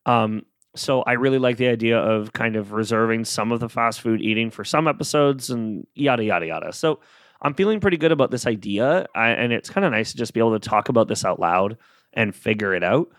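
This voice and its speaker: A man's voice: mid-range voice, a little fast, no echo, studio quality. A man hosting a solo podcast, talking casually and rambling with lots of fillers and self-amused asides. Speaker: podcast host.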